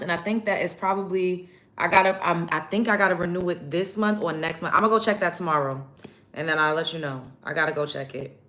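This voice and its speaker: A woman's voice: on the low side, quick pace, fairly bright tone. A young woman from New York chatting casually with viewers on a livestream while doing her makeup. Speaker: livestream host.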